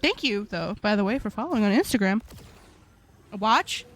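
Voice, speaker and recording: A woman's voice: medium pitch, expressive, normal speed. A woman streaming live, chatting casually with her viewers in a slangy, rambling way, often laughing.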